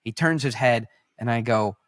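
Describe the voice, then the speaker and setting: A man who is a podcast guest, telling stories in an animated, rambling way, with restarts. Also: mid-range voice, normal speed, dry recording, studio quality. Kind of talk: casual conversational storytelling.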